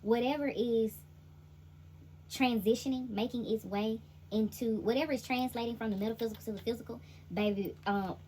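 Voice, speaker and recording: A woman's voice: a little high, fairly even intonation, fairly quick, darkish tone, a little hiss or hum. A woman with a Southern US accent giving a chatty, laughing, slangy tarot reading. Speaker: intuitive tarot reader.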